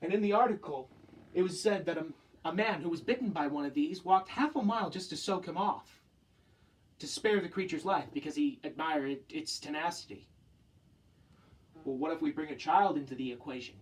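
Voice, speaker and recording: A man's voice: a little high, moderate pace, recorded from a distance, poor audio. A young man giving an earnest spoken presentation to a professor, impassioned and full of rhetorical questions. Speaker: student giving a talk.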